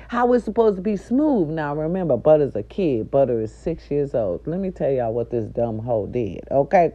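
An older woman, a nurse's aide and grandmother, telling an indignant, profane story straight to her viewers in a loud, animated rant. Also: lowish voice, normal speed, few pauses, muffled recording.

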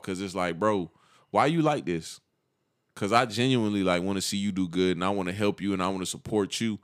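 A young man co-hosting a casual podcast, telling stories in slang and acting out what other people say. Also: mid-range voice. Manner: animated, slangy storytelling with acted-out quotes. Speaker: podcast co-host.

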